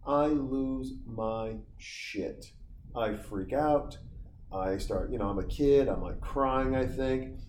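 A man's voice: mid-range voice, takes it slowly, darkish tone, slight background noise. Rambling, profane man in his forties. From Montana, USA. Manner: profane, tangent-prone storyteller. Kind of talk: casual rambling monologue. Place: outdoors on a summer vacation. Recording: roomy sound with faint ambience.

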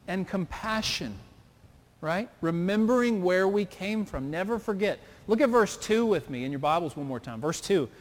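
A man preaching a sermon with an earnest, questioning preacher's cadence, recorded in a church sanctuary. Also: high voice. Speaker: pastor. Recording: long hall reverb.

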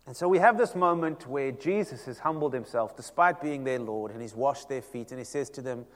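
A male pastor preaching a sermon, telling the story with lively acted-out dialogue. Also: medium pitch, fairly quick, few pauses, in a large hall. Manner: animated storytelling, acting out quoted voices.

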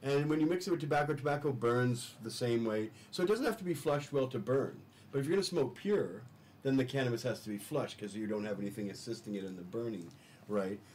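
A man on a talk-show couch, enthusiastic and rambling, stumbling and restarting as he goes. His pitch sits in the middle. A faint hiss of noise runs under his voice. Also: a little fast, a little mellow, low-quality recording. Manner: rambling, enthusiastic, repeats words when restarting. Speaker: studio guest. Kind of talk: casual talk-show chat.

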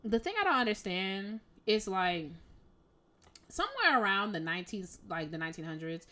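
A woman's voice: mid-range voice, very animated, normal speed, sharp tone. A woman co-hosting a podcast, ranting emphatically and exasperatedly in casual speech. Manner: exasperated, emphatic, conversational slang. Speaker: podcast co-host.

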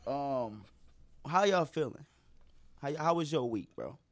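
A man's voice: medium pitch, expressive, unhurried, no room sound. A man hosting a casual podcast, laid-back and swearing freely as he tells stories. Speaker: podcast host.

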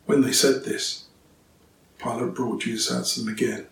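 A man reading scripture aloud and then preaching on it in a steady, clear way. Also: mid-range voice, normal speed. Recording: roomy, distant, faint ambience.

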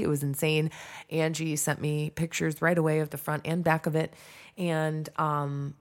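Young woman, low voice, chatty storyteller who curses and rambles with fillers. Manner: chatty, swears freely, lots of fillers and restarts. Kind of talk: casual storytime monologue.

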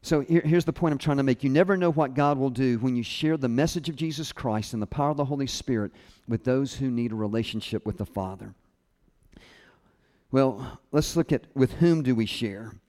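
Male preacher, mid-pitched, storytelling sermon style with acted quotes; long hall reverb. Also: normal speed. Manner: storytelling with lively quoted voices.

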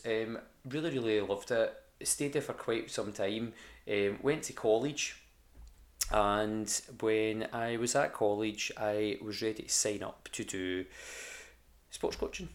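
A young Scottish man with a low, gravelly voice rambles through casual stories. He talks loosely with plenty of ums, restarts and swearing, like an informal podcast chat. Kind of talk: casual storytelling.

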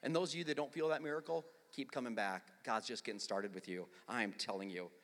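A middle-aged male pastor preaching a sermon in a conversational, storytelling way that swells into forceful emphasis. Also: medium pitch, fairly even intonation, quick pace. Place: large church. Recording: long hall reverb.

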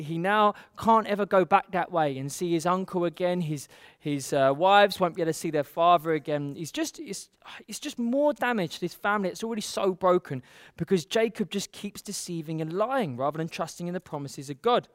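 A man with a high voice tells a Bible story in an easy, chatty way, full of little fillers and quick acted-out lines. The sound is close and dry, with no room around it. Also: no room sound. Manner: chatty retelling, acts out quotes with fillers. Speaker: Bible teacher.

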